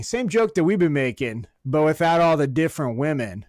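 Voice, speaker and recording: A man's voice: on the high side, expressive, normal speed, dry recording, studio quality. A man co-hosting a podcast, chatting casually with crude jokes and frequent laughter. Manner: joking, crude, laughs often. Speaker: podcast co-host. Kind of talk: casual chat.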